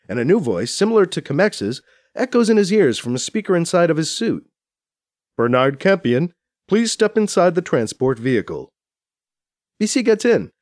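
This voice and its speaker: Lively male audiobook narrator. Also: no room sound, studio quality. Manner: expressive storytelling with lively pitch. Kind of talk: scripted narration.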